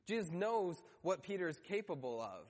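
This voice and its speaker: A man's voice: sits high, sing-song, moderate pace, a little mellow. A man preaching a sermon, telling the story and briefly acting out the voices in it. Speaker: pastor. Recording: long hall reverb.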